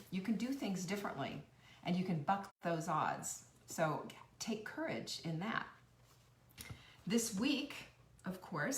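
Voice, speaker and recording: A woman's voice: on the low side, fairly bright tone, recorded from a distance, a little hiss or hum. A middle-aged woman, a nutritionist hosting a live stream, talking to her viewers in a chatty, effusive and heartfelt way, rambling and restarting her sentences. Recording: roomy sound, speaker away from the mic.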